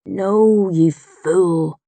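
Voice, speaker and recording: A woman voicing a wounded older male druid, gruff and stubborn, speaking low and strained in an audiobook. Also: a little slow, mellow, no room sound, full character voice.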